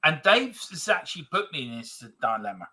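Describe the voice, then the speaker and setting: A man's voice: a little high, sing-song, a little fast, pushed and bright, slightly rough. A man from England, hosting a casual live stream, chatting and reading out viewer comments with hesitant restarts. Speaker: fan channel host.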